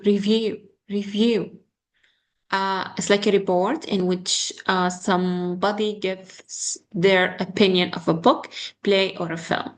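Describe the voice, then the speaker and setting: A young woman with a lowish voice gives an online English pronunciation lesson. She pauses often with fillers and repeats words slowly as examples.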